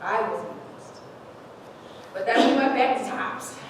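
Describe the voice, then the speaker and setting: A woman with a medium-pitched voice speaks unhurriedly as she gives a tearful yet laughing personal testimony at church. She's in her forties. The audio comes from a far-off mic in an echoing, noisy sanctuary.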